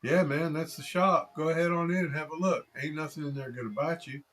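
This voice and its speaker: Nipper, a man doing a loud excitable country joker. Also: a little high, brisk, voice pushed up. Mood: excited. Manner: folksy drawl, eager and loud. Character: excitable young rural man, friendly joker.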